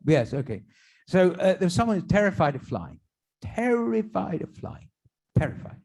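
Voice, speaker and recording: A man, a rabbi, telling jokes at a tribute event in a synagogue, pausing with fillers and restarts and slipping into German and Yiddish phrases for his characters. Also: fairly high pitch, sing-song, a little mellow, breathy edge. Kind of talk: stand-up joke telling at a tribute.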